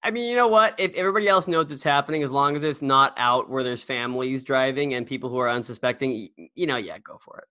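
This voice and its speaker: A man's voice: medium pitch, quick pace, few pauses, pushed and bright, dry recording. A man co-hosting a podcast in casual chat, rambling and storytelling with lots of fillers and restarts. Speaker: podcast co-host.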